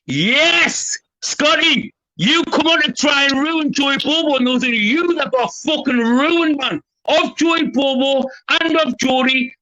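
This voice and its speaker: A man's voice: extremely high pitch, slow pace, hardly any pauses, pushed and bright. A man joining a livestream panel, mocking another guest and swearing heavily. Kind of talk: heated livestream argument. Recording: muffled lo-fi stream audio.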